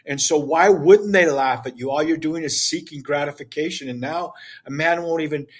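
A man's voice: on the high side, moderate pace, husky. An older man as a podcast guest, speaking with passion in an emphatic, preachy way. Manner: emphatic, preachy, acts out dialogue. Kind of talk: impassioned interview talk.

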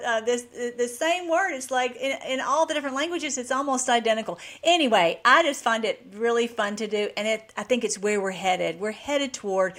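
A woman's voice: fairly high pitch, fairly quick, few pauses, a bit bright. A woman hosting her own channel, talking in an enthusiastic, rambling way with frequent restarts. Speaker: channel host. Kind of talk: casual vlog chat.

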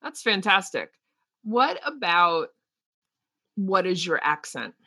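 A woman's voice: on the low side, takes it slowly, dry recording. A woman in her forties with a New Jersey accent, a teacher talking casually and thinking aloud. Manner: animated, thinks aloud with restarts. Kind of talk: casual discussion.

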